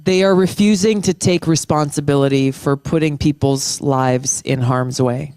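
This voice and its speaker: A middle-aged military veteran and former state lawmaker, a guest speaking earnestly in an interview, impassioned and slowing down for emphasis. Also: mid-range voice, fairly even intonation, a little mellow, no echo, studio quality. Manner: impassioned, restarts phrases, slows down for emphasis.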